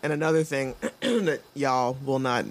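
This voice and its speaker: A podcast co-host in casual chat recapping a TV episode, joking and mimicking characters with big jumps in pitch. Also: measured pace.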